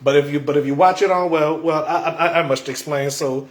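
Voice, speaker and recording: A man talks casually to his livestream viewers, tripping over and repeating his words and chuckling often. His voice sits a little high. The camera mic picks him up in an echoey room at home. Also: steady tone, fairly quick. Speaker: livestream host.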